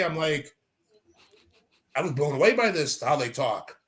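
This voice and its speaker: An American man hosting a casual podcast chat, telling loud stories full of swearing. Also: a little high, animated, normal speed. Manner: swears a lot, loud storytelling.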